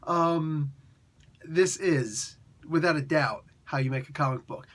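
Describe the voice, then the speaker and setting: Brief: laid-back man reviewing comics, raspy tone, slightly high pitch. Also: measured pace, a bit bright. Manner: laid-back, slangy, rambling. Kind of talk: casual video review.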